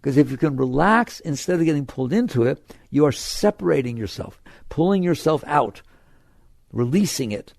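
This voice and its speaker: Older man, gravelly and lively. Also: on the high side, normal speed, no echo, clean studio sound. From United States. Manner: conversational, rhetorical questions, swings between emphatic and quiet. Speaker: spiritual teacher. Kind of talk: informal spiritual talk.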